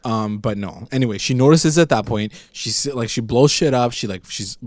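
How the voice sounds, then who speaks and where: A man of middle pitch chatting casually with a friend. His talk is loose and emotional, with lots of "like" and casual swearing. The sound is dry, with no room behind it. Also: moderate pace, dry recording. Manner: emotional, swears often, heavy use of "like". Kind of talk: casual chat recapping a TV episode.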